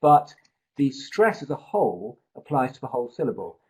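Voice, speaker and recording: A man's voice: medium pitch, very animated, normal speed, a little mellow, husky, low-quality recording. A man tutoring a live online pronunciation seminar, explaining at length and thinking aloud with restarts, speaking into a computer mic.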